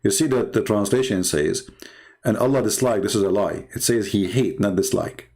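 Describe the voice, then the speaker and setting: A man's voice: fairly low pitch, moderate pace, a little mellow. A man hosting a live online debate stream, sarcastic and mocking, speaking English with non-native grammar. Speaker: livestream host.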